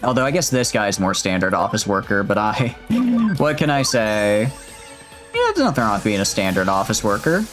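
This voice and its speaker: A man's voice: fairly low pitch, wildly swooping pitch, moderate pace, a bit bright, faint music behind. A man casually commenting on a video game as he plays, rambling, interrupting himself and reading the game's dialogue aloud. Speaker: streamer. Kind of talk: casual let's-play commentary.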